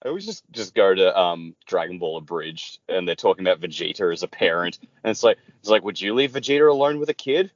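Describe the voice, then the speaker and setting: A man co-hosting a podcast in casual chat, excitable, his voice jumping when amused. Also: sits low, quick pace, hardly any pauses, no echo. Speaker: podcast co-host. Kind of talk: casual book-club chat. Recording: dry, dull home mic.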